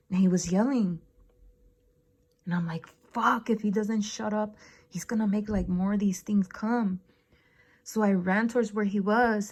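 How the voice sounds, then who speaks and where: Gravelly-voiced woman rambling through a story. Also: mid-range voice, mellow. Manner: rambling with many fillers and swearing; slangy, laid-back phrasing. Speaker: vlogger recounting a dream. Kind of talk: casual storytelling.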